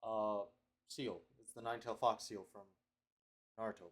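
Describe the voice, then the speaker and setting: A man's voice: on the low side, fairly even intonation, a little fast, pauses often. A young man rambling through a confessional video diary at home on his webcam, trailing off and repeating himself. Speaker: video diarist.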